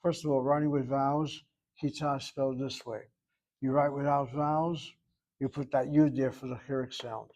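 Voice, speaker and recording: Older male teacher, patient step-by-step grammar explainer, mid-pitched. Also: flat delivery, darkish tone. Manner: patient, step-by-step, repeats Hebrew words slowly. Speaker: Hebrew teacher.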